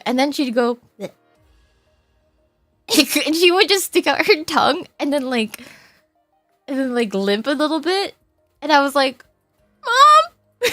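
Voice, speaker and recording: A young woman streaming, chatting softly and emotionally with viewers, laughing often while crying. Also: high voice, no echo. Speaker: VTuber streamer. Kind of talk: casual chat with viewers.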